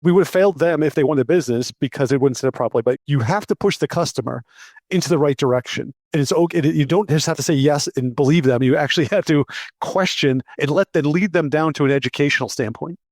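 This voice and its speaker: A man who talks fast and tells his story with energy, acting out the dialogue as he goes. His voice sounds dry and close. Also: on the high side, a little mellow, dry recording. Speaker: podcast guest. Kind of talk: casual podcast chat.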